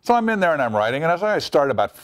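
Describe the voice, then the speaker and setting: A man's voice: on the high side, sing-song, very fast, clear, resonant tone, dry recording, studio quality. A middle-aged man telling a wry story from his past in an interview, acting out the quotes. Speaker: TV writer recalling a story. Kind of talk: interview anecdote.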